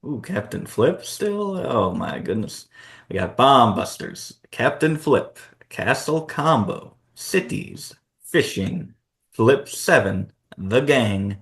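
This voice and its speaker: A man's voice: medium pitch, big pitch swings, takes it slowly, a bit bright. A man co-hosting a board game channel, chatting casually about award nominees and thinking aloud with fillers.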